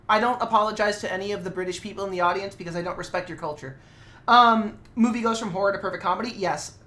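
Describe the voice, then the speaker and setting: A woman from Nevada chatting casually on a stream while drawing, rambling and swearing in quick asides. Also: medium pitch, fairly bright tone.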